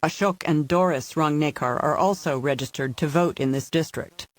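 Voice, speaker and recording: A man's voice: a little high, moderate pace, no echo, close to an everyday voice. A man voicing a domineering male federal agent who talks in a threatening, mocking way. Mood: menacing.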